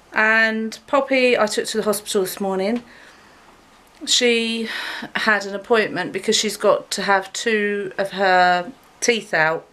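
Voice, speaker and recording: A woman vlogging while walking her dog outdoors, talking to her phone camera in a chatty, rambling way. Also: fairly bright tone. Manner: chatty, rambling, talks to her dog in a high sing-song voice. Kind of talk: casual chat to camera.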